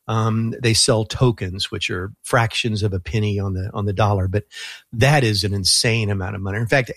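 A man with a lowish voice speaks as a radio guest, unhurried and thoughtful. He fills his sentences with ums and small restarts and often lets a chuckle slip in. The room is dry and close, with no echo. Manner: relaxed, thoughtful, many fillers and restarts; chuckles often while talking. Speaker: guest podcaster on a Christian radio show. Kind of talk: casual interview talk.

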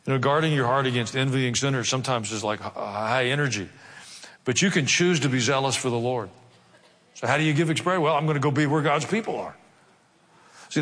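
A man's voice: mid-range voice, a bit bright, big-room sound. A man preaching a sermon, reading scripture aloud and breaking off into humorous asides and mock voices. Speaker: pastor.

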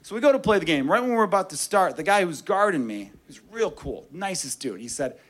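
A man telling a story in a stand-up comedy set, profane, animated and wry. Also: high voice, a little fast, hardly any pauses.

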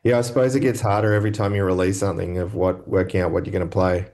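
A man's voice: deep voice, fairly even intonation, rapid-fire, darkish tone. A man interviewing a musician, asking short casual questions with brief friendly replies.

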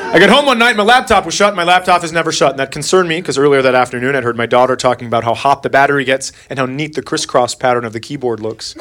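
A man's voice: mid-range voice, fast talker, hardly any pauses. A middle-aged man doing stand-up, telling a story about his son in a dry, sarcastic way. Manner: deadpan, sarcastic. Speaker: stand-up comedian.

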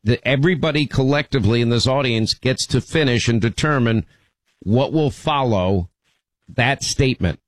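A radio talk show host with a mid-range voice fields callers at a moderate pace, his conversational speech full of restarts and repeated words. He speaks into a studio microphone, with no echo but poor audio.

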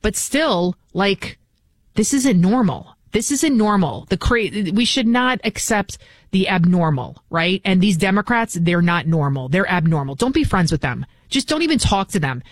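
A woman's voice: on the low side, lively intonation, normal speed, dry recording. A woman filling in as a talk radio host, delivering a combative, scornful political monologue into a studio mic.

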